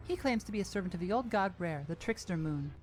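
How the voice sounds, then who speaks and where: Female essay narrator, calm and measured, animated intonation. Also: lowish voice, soft background music. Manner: measured, calm storytelling delivery. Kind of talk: scripted narration.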